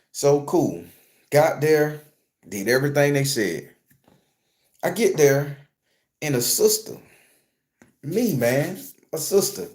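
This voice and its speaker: A man's voice: on the high side, a little mellow. A man vlogging a casual story as a blunt, profane and emphatic rant.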